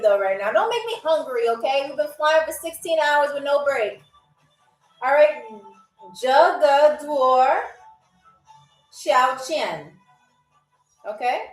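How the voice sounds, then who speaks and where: Woman with a high voice running a live quiz show, joking with chat, echoey room, mic kinda far. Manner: playful, teasing chat with commenters; slow, careful spelling-out of foreign phrases. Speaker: game show host. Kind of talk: live-streamed trivia game show hosting. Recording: echoey room, away from the mic, faint music.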